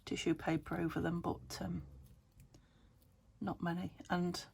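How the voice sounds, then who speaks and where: A British woman chatting casually as she crafts at home, rambling, thinking aloud and dropping into soft muttered asides. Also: lowish voice, unhurried, vocal fry, breathy edge. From United Kingdom. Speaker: craft vlogger. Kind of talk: casual chat while crafting. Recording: steady background noise.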